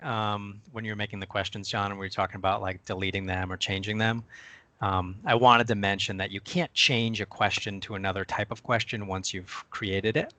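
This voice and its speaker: A man on a video call sharing his screen and walking through a software demo step by step in a chatty way. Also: lowish voice, dry recording. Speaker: co-presenter.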